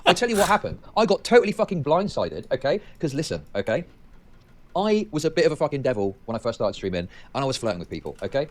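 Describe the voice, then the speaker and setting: A man's voice: mid-range voice, very animated, quick pace. A man streaming heated reaction commentary, angry and profane, hammering the same points over and over. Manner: angry, profane, emphatic repetition.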